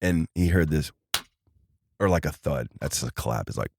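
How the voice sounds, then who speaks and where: A man telling a personal story on a podcast with lively energy, acting out the people in it. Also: rumbling low, moderate pace, vocal fry, noisy background. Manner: animated storyteller acting out quoted voices. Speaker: podcast guest. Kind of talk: casual storytelling.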